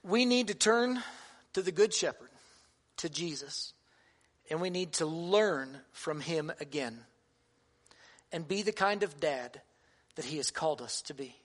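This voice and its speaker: A man's voice: a little high, animated, measured pace, long pauses. A man in his thirties, a pastor giving a sermon to fathers, earnest and conversational with touches of humor.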